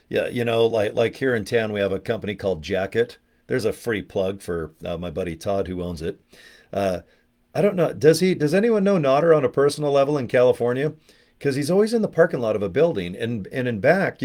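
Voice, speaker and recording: A man's voice: lowish voice, darkish tone. A man from Utah hosting a casual livestream vlog from his home studio, jokey and rambling, poking fun at himself. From Utah, USA. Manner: jokey, rambling, self-mocking. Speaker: network marketing vlogger.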